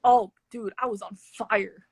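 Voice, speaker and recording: A woman with a husky, slightly breathy voice recounts a story on a live stream in casual chat. She talks candidly and swears freely. The sound is dry and close. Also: fairly high pitch, steady tone, unhurried, dry recording. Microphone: phone on a live stream.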